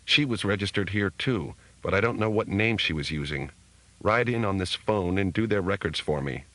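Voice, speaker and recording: A man's voice: low voice, animated, moderate pace, pushed and bright, no room sound, low-quality recording. A man reading a terse, urgent hacker. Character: tense male hacker on a phone.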